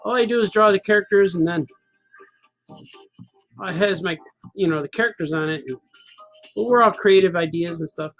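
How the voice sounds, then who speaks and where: A man's voice: high-pitched, normal speed, long pauses, fairly bright tone, lo-fi sound, faint music behind. A man in his fifties telling a rambling, self-mocking story in a casual chat as a cartoonist host. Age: 50s. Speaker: cartoonist hosting a stream.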